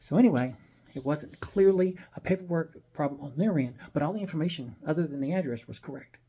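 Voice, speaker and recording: A man rattles through a personal story at a quick clip, blunt and salty, with plenty of rambling asides. His voice is husky and dark-toned. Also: a little high. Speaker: vlogger telling a personal story. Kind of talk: casual storytelling monologue.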